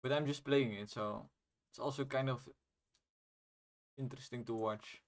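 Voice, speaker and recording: A man's voice: mid-range voice, steady tone, moderate pace. Young man casually streaming his playtesting. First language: not English. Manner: rambling, self-deprecating, swears casually. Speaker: indie game developer streaming. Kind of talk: casual livestream commentary while playtesting.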